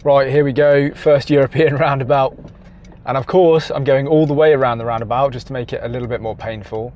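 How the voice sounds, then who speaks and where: Travel vlogger, man, mid pitch, casual and wry, noisy car recording. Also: fairly even intonation, a little fast, muffled recording. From England. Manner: chatty, self-deprecating, laughs at himself. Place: in a car and outdoors on a ferry. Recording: noisy car and outdoor background. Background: car and traffic noise.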